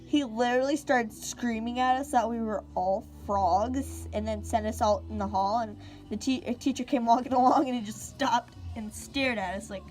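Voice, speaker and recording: A woman's voice: fairly high pitch, moderate pace, a little mellow, soft background music. A teenage girl telling a storytime vlog in a casual, giggly way, full of fillers and asides. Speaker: storyteller, vlogger.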